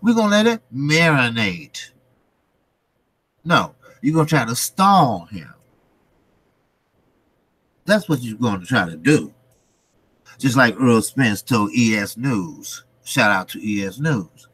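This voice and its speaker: A man's voice: mid-range voice, big pitch swings, slow pace, long pauses, a bit bright, breathy edge, dry recording. A man hosting a boxing channel, ranting bluntly and casually, swearing and repeating rhetorical questions. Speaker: boxing commentary channel host.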